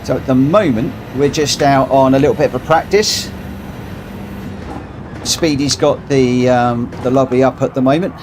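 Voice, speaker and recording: A man's voice: medium pitch, fairly even intonation, moderate pace, background noise. A man chatting casually on a live stream while he plays a racing game, rambling and thinking aloud as he sorts out his settings. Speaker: streamer hosting a racing lobby.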